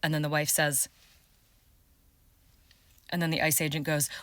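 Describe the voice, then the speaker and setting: Bright, deadpan comic man. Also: fairly high pitch, measured pace, clear, resonant tone, no room sound, clean studio sound. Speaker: comedian. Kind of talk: comic storytelling to camera.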